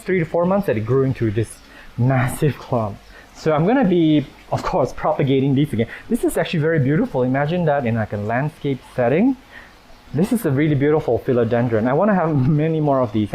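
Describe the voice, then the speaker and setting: A man's voice: on the high side, a little mellow, rough recording. Chatty man touring his houseplants. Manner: chatty, self-deprecating, laughs often. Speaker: plant channel host. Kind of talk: casual walkthrough tour. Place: indoor plant collection and nursery.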